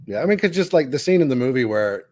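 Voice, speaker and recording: A man's voice: medium pitch, sing-song, quick pace, a little mellow, no echo. A man co-hosting a podcast in an easygoing chat, laughing along with the others. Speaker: podcast co-host. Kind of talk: casual chat.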